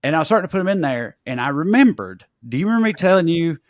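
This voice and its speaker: A man, co-hosting a podcast and telling a long story in animated, profane casual chat. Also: a little high, very fast, no room sound, studio quality. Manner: animated, profane, acts out quoted voices. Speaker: podcast co-host.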